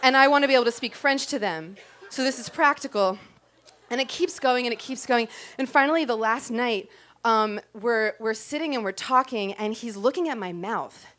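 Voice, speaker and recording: A woman's voice: fairly high pitch, normal speed, fairly bright tone. Woman, live storyteller, self-deprecating, casual, stage mic. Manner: conversational and self-deprecating, with frequent "um" and "like". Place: stage of a small club before a live audience.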